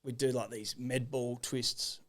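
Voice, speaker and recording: A young Australian man with an Australian accent, a guest telling stories in a relaxed way and laughing often. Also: mid-range voice, a little slow. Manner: relaxed, laughs often, laid-back storytelling. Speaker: podcast guest, former footballer. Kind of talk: casual interview chat.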